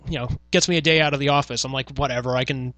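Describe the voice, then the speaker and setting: A man's voice: a little high, very fast, sharp tone, dry recording. A man, hosting a podcast and telling profane stories about his radio days in casual chat. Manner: profane storytelling, acts out quoted exchanges. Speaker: podcast host, former radio worker.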